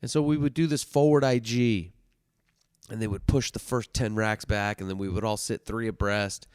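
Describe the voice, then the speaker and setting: Profane animated male storyteller. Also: on the low side, moderate pace, smooth, no room sound, clean studio sound. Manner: profane, animated, swings from loud to hushed. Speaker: podcast host telling stories. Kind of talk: casual storytelling monologue.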